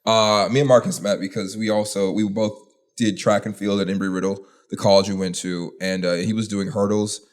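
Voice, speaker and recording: Fast-talking young podcast host. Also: male voice, fairly low pitch. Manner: animated storyteller, jumps into funny voices. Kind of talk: casual chat.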